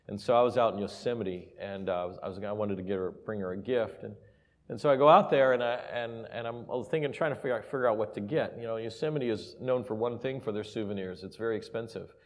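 A man preaching a sermon and telling a personal story, moving from quiet, intimate asides to loud, emphatic peaks. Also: lowish voice. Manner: emotional, builds from soft asides to loud emphasis. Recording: reverberant hall.

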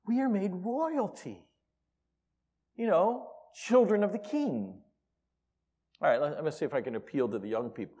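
A man preaching a sermon in a church, swinging from quiet asides to loud exclamations. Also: a little high, wildly swooping pitch, fairly quick, slight background noise. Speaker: pastor. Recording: reverberant hall.

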